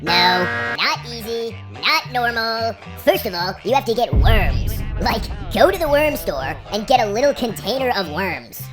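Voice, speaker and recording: A woman telling an absurd comic story as a monologue, exasperated and deadpan. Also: medium pitch, moderate pace, few pauses. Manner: exasperated, deadpan storytelling, lively swings between voices. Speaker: comedian. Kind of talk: comedic monologue. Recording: music behind the voice.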